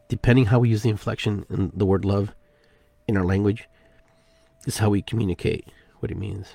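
A man hosting a spiritual podcast, talking in an unhurried, musing way and repeating phrases with shifting inflection. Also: lowish voice, fairly even intonation, vocal fry, mellow, slightly rough, no room sound. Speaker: podcast host. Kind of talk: reflective spiritual monologue.

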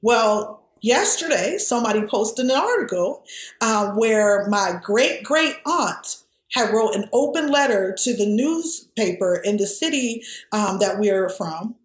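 A woman who grew up in the American South, talking candidly in a conversation, earnest and animated, with many restarts. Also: mid-range voice, a little slow, roomy sound.

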